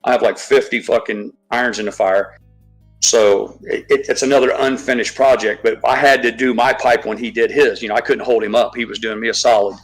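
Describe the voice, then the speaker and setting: A man's voice: medium pitch, fairly even intonation, brisk, faint music behind, poor audio. A man chatting casually on a live stream, rambling, swearing freely and restarting his sentences often. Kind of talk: casual chat.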